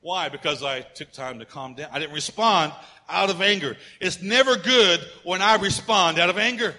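A high-pitched, middle-aged pastor delivers a conversational sermon at normal speed, mixing humorous personal anecdotes with swings from loud emphasis to quiet asides.

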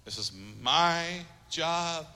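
A man's voice: fairly high pitch, lively intonation, very slow, sharp tone, smooth. A man preaching a sermon as pastor, emphatic, repeating phrases and acting out little quotes. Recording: long hall reverb.

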